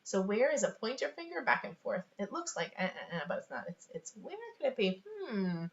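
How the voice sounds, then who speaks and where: A woman's voice: medium pitch, big pitch swings, fairly quick, gravelly. Chatty woman teaching from a webcam. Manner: chatty, many fillers and small laughs. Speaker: sign language teacher. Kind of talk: casual online teaching. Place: home room. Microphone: webcam on a video call. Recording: echoey, dull home webcam recording.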